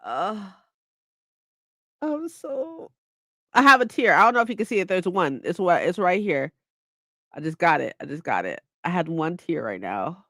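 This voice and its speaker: A woman's voice: lowish voice, big pitch swings, a little fast, bright, forceful tone, dry recording. A woman in her twenties casually chatting on a livestream, playful and mock-dramatic as she reads her chat aloud. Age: 20s. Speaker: livestream host.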